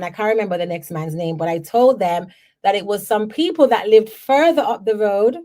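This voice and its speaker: A woman from Jamaica, a podcast host telling personal stories in an animated way, often checking in with the listener. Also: mid-range voice, a little fast. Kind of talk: personal storytelling.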